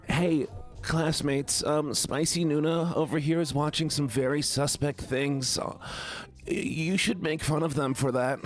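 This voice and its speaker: A man's voice: fairly high pitch, natural voice. Man putting on a whiny voice, childish tattling classmate, nagging, faint music behind.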